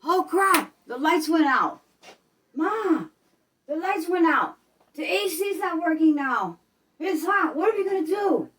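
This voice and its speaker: A woman playing a panicky grown child who stammers and begs her mother for help in the dark. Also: very high voice, very animated, measured pace, pitched above the performer's own voice, heavily acted. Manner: frantic, stammering, whiny. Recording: voice a little far from the mic.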